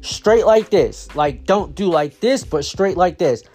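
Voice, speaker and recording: A man's voice: high voice, animated, a little slow, a little mellow, faint music behind. A man voicing his eager five-year-old daughter, with a childlike, questioning manner.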